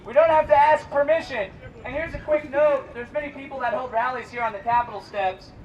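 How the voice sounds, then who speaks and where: A man's voice: very high-pitched, a little fast, highs cut off. A man giving a fiery, defiant rally speech outdoors on capitol steps. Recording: loud crowd and street noise.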